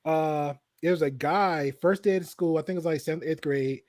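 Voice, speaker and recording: Animated man telling stories with a Southern drawl. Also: on the high side, brisk, dry recording, clean studio sound. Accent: faint Southern drawl. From American South. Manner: animated storyteller, acts out quotes, swears casually. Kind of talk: casual storytelling chat.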